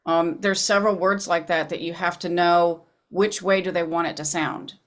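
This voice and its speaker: Woman voice actor, slightly low voice, casual chatty webinar co-host, video call sound. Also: steady tone, moderate pace.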